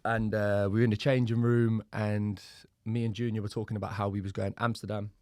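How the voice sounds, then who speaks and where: Casual swearing London man, low voice. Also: flat delivery, a little fast, darkish tone, no room sound, clean studio sound. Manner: blunt, swears freely, loose and chatty. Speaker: podcast host. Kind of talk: casual podcast chat.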